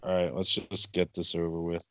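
A man co-hosting a comedy podcast, doing comic bits and deadpan parody trailer narration. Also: low-pitched, moderate pace, clear, resonant tone, no echo. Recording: dull lo-fi recording with faint music.

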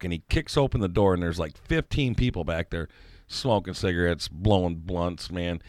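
A man in casual chat, telling a story with lively energy and loud laughs. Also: sits low, moderate pace, no echo, studio quality. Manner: animated storyteller, laughs loudly. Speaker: co-host.

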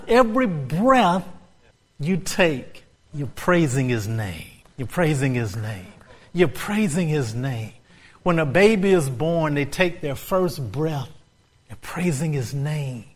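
A man's voice: on the high side, very animated, takes it slowly. A male pastor preaching a sermon, repeating phrases and building to fervent, rising exclamations.

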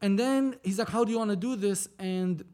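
A man's voice: sits high, a little fast, darkish tone. A man from Lebanon, a film producer, telling a story in a casual interview, acting out dialogue and swearing freely.

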